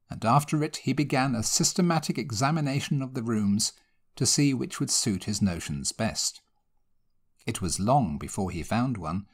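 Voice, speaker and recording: Man narrating a lively ghost story. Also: mid-range voice. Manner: measured, expressive storytelling.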